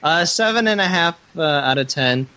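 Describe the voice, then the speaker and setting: A man's voice: on the high side, expressive, normal speed, pushed and bright, dry recording, lo-fi sound. A man guesting on a podcast in casual discussion, blunt and swearing freely.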